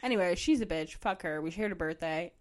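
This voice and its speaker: A woman's voice: fairly low pitch, fairly quick. A woman co-hosting a podcast, chatting casually with a slightly nasal voice, swearing freely and laughing often. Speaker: podcast co-host. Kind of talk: casual chat.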